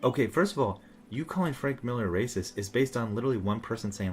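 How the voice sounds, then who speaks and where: Over soft background music, a man with a mid-range voice speaks fairly quickly and hardly pauses while reacting to online posts. His commentary is sarcastic and rambling, peppered with fillers and restarts.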